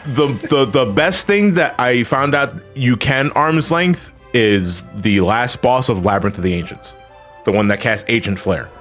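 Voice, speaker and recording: A man's voice: mid-range voice, a little slow, fairly bright tone, faint music behind. A man chatting casually while streaming a game, rambling with restarts and fillers and swearing freely. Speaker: streamer playing an online game. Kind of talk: casual gaming chat.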